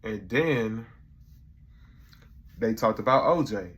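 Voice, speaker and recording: A man's voice: fairly low pitch, expressive, slow pace. A young man casually reviewing a comedy episode in a loose, slangy way, acting out the quotes as he retells the scenes. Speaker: YouTube reviewer.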